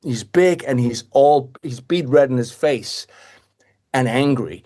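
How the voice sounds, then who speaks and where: A man in his fifties from Denmark with a Danish accent, telling stories as a podcast guest in a lively way, often restarting and repeating words. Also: medium pitch, slow. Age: 50s. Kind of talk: casual anecdotal storytelling.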